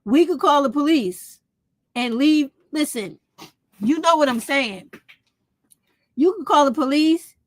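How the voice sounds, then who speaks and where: A woman's voice: high-pitched, animated, unhurried, long pauses. A woman, talking straight to her viewers in a casual opinion vlog, blunt and profane. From United States. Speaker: vlog host.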